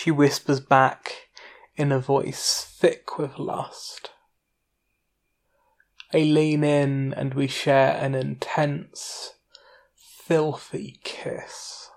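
A narrator reading a first-person erotic story in an unhurried, intimate way. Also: medium pitch, little pitch movement, creaky.

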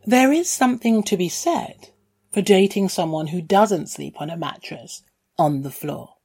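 A woman's voice: lowish voice, expressive, a little slow, a little mellow, husky. A woman reading a first-person story in a candid, dryly wry way. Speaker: narrator.

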